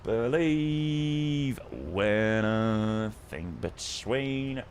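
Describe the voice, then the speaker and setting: A man's voice: medium pitch, extremely slow, slight background noise. A young man casually chatting with his live-stream viewers while flying a sim, matey and greeting people by name.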